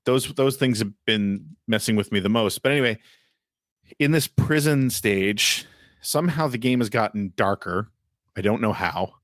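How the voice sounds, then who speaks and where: Low-voiced man rambling about a game. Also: fairly bright tone, no room sound, clean studio sound. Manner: rambling, many restarts and fillers. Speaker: podcast co-host. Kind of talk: casual chat.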